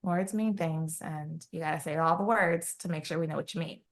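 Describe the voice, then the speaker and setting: A woman's voice: low voice, a little fast. A woman co-hosting a podcast, recapping a romance novel in casual chat and acting out the characters' lines. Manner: animated retelling, acts out quoted lines. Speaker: podcast co-host.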